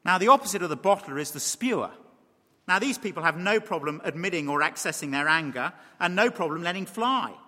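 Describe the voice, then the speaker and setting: A man preaching an animated sermon, speaking directly to the congregation. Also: high-pitched. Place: large church. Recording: long hall reverb.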